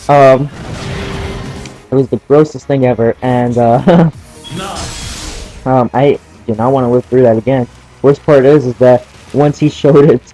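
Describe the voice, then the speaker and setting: A man's voice: medium pitch, mellow, poor audio. A young man in casual gameplay commentary, telling a story while playing, laughing often and swearing at the game. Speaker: gaming channel host.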